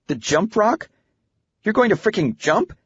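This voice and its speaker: Reader doing a teen girl, as a man puts her on: high and incredulous, slightly husky, dull muffled recording. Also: very animated, unhurried, no room sound, exaggerated voice. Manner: high, teasing, exclaiming. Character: teenage girl, daughter, playful and incredulous.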